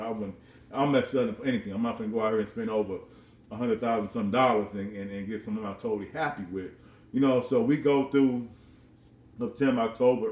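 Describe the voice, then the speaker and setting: A vlogger in his thirties, at home, chats casually through a personal story, rambling, repeating himself, and chuckling. The mid-range voice has a darkish tone, heard through a distant mic with a roomy sound.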